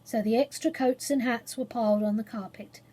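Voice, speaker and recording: A woman reads a children's storybook aloud, voice a touch high and airy. She keeps it gentle and expressive, easing into hushed tones at the quiet moments. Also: moderate pace, rough recording. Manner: gentle expressive read-aloud, softening to a hush in places.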